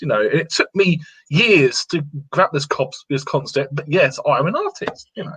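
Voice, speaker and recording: A man's voice: on the high side, sing-song, normal speed, hardly any pauses, a bit bright, husky. A man, a guest watercolourist, talking earnestly and repeating himself to encourage others in a casual interview. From England. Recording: lo-fi sound.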